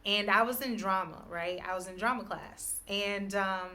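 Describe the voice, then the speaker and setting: A woman's voice: mid-range voice, normal speed, pushed and bright. A woman giving an intuitive spiritual message reading, circling the same idea in repeated, hedging phrases and laughing often. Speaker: intuitive reader.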